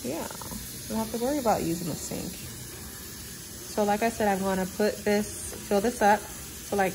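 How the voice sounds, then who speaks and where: Chatty woman vlogging in an echoey room. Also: mid-range voice. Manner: chatty, talks to viewers while doing her hair. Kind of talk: casual vlog chat. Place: at home indoors. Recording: echoey room, faint background noise.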